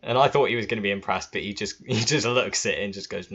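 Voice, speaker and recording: A man's voice: fairly low pitch, animated, fairly quick, a bit bright, husky. A man telling a story to camera in a chatty, informal way, swearing freely, recorded on a laptop microphone. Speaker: vlogger. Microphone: built-in laptop mic. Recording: dull lo-fi laptop audio.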